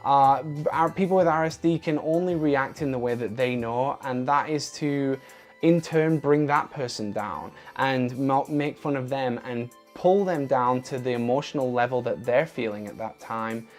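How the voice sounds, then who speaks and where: A man's voice: medium pitch, moderate pace, faint music behind. Earnest man vlogging about feelings. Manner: open, earnest and emotional. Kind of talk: casual talk to camera.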